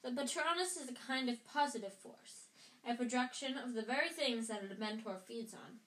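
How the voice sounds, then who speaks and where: A woman's voice: fairly high pitch, moderate pace, natural voice. A woman reading a patient wizard teacher. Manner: patient, explaining gently. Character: kindly, calm male wizard teacher. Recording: roomy echo.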